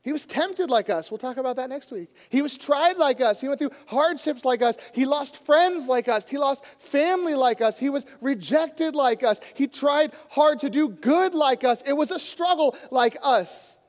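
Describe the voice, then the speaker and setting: A man's voice: very high voice, animated, normal speed, few pauses, big-room sound. A man preaching a sermon as a pastor, telling a story and acting out the voices in it. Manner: storytelling, acts out quoted voices.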